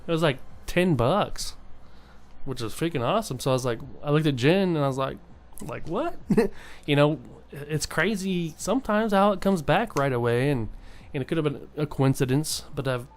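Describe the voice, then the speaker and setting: A man's voice: a little high, animated, moderate pace. A young man talking casually and earnestly to his viewers, rambling with many fillers and restarts. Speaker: vlogger. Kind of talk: casual motivational monologue.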